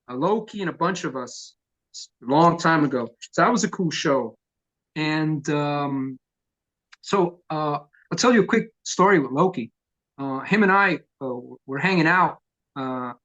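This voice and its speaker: A middle-aged man, a punk vocalist telling profane, lively stories in an oral history interview. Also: fairly high pitch, dull audio. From New York. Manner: profane, animated storyteller who acts out quotes.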